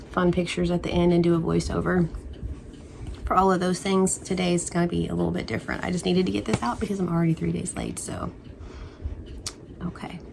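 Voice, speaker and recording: A woman's voice: medium pitch, gravelly, a little hiss or hum. A woman crochet vlogger chatting casually at home, rambling and playful with spooky asides. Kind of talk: casual chat.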